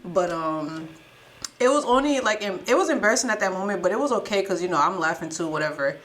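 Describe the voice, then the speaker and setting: A woman's voice: mid-range voice, lively intonation, fast, fairly bright tone, slight background noise. A young adult woman co-hosting a podcast, chatty and laughing at herself while telling a story casually. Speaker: podcast co-host.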